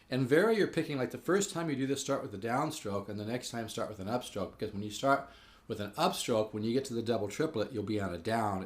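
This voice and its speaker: A man giving a casual spoken guitar lesson, rambling with fillers and restarts and growing enthusiastic. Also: lowish voice. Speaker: guitar teacher. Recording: echoey room with guitar playing.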